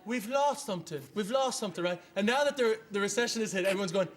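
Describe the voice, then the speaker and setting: A man, a comedian guest on a TV talk show, ranting animatedly and swearing in a quick stand-up style. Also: high-pitched, very noisy. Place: TV studio with live audience.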